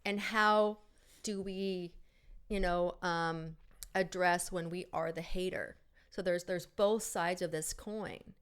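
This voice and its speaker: A woman's voice: lowish voice, fairly even intonation, takes it slowly, clean tone. A middle-aged woman co-hosting a casual chat and telling a story with many fillers and restarts. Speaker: podcast co-host.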